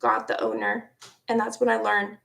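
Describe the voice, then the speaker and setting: A woman around forty casually telling a personal story, animated, laughing often and dropping into hushed asides. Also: medium pitch, normal speed, creaky. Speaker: vlogger.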